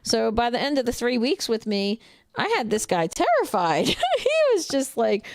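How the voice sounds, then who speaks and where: A woman with a New Jersey accent talks bluntly on a casual livestream, reading viewer comments and answering them. Her voice has a gravelly fry to it, and it sounds close and dry with little room around it. She is outspoken and laughs often. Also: a little high, wildly swooping pitch, normal speed, no echo. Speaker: truck driver and trainer.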